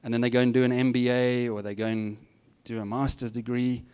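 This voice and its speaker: A middle-aged guest speaker offers students candid, plain-spoken career advice in an informal talk, tossing in self-deprecating asides. His medium-pitched voice is clear, resonant, and a little mellow, with a level tone and a fairly quick pace.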